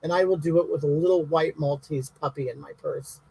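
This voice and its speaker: A man's voice: on the high side, steady tone, brisk, gravelly, darkish tone, slightly rough, low-quality recording. A man playing a brash, bigoted elderly woman who answers viewers' comments in a comic livestream, talking in blunt, indignant, rambling rants.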